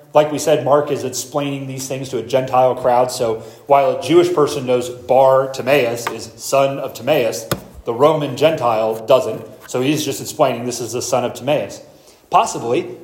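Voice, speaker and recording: A pastor preaching an expository sermon, explaining scripture verse by verse and reading passages aloud slowly. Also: male voice, medium pitch, a little mellow, reverberant, poor audio.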